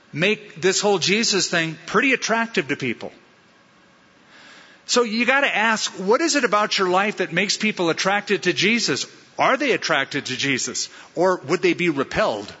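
A man's voice: high-pitched, expressive, a little slow, bright, forceful tone, breathy edge. A man preaching a sermon as pastor, driving his points home with punchy repetition and rhetorical questions to the congregation. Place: church sanctuary. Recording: reverberant hall sound, slightly dull.

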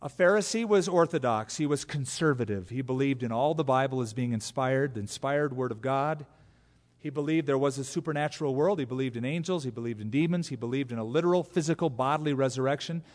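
A man's voice: mid-range voice, fast. Man preaching in a reverberant hall. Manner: animated, acts out biblical quotes in different voices. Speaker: pastor. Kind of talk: expository sermon.

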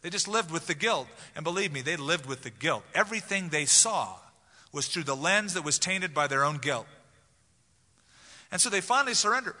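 Bright-voiced preacher in a reverberant hall. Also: male voice, on the high side, fairly quick. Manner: animated storytelling with asides. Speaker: pastor. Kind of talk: expository sermon. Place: church sanctuary.

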